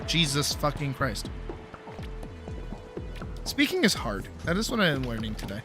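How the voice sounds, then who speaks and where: Over music, a man streams a game and chats in a playful, rambling way, swearing from time to time. His medium-pitched voice swoops wildly, and he's unhurried, with long pauses.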